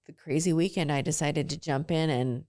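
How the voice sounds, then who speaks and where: A woman's voice: deep voice, normal speed, darkish tone, no echo, studio quality. A woman in her forties from southern California, a guest telling her story candidly in a casual interview, with lots of "like" fillers. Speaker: guest, ice cream entrepreneur.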